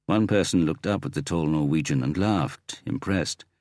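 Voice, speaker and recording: A man narrating a crime novel in a measured, expressive reading. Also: extremely low pitch, no room sound, clean studio sound. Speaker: audiobook narrator. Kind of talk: scripted narration.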